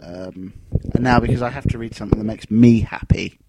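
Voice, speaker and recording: A man's voice: lowish voice, steady tone, brisk, heavy background noise. A man hosting a podcast from home, casual and jokey with a mock-theatrical streak. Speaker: podcast host. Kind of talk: casual chat.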